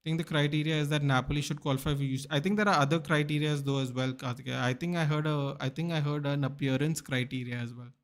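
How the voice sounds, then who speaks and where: A man's voice: a little high, fairly even intonation, fast, hardly any pauses. Bantering young man on a football stream. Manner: chatty, bantering, addresses viewers by name. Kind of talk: casual live-stream chat reading viewer comments.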